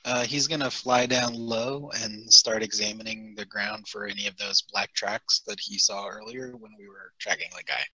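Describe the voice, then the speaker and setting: Husky, bright-voiced man player. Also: fairly low pitch, steady tone, moderate pace, few pauses, no room sound, low-quality recording. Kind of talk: casual game chat.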